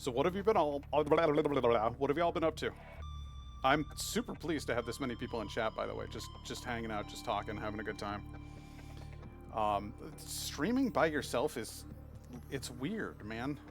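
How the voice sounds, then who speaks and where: A man's voice: mid-range voice, animated, normal speed, music in the background. A man live-streaming a video game, chatting playfully with viewers and cooing at the creatures on screen. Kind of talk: casual live-stream chat while playing.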